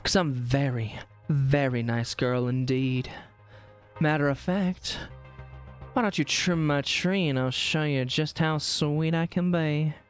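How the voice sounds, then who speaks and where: A woman's voice: low-pitched, slow, faint music behind. A woman voicing a flirty, scheming middle-aged Mrs. Claus in a game, with a drawling, teasing manner. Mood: sultry.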